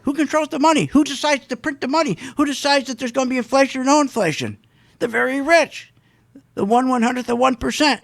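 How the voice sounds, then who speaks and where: A man's voice: high-pitched, gravelly, fairly bright tone. A man hosting a radio show, delivering a fired-up, emphatic market rant that repeats points and mocks what others say. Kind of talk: live call-free market commentary rant.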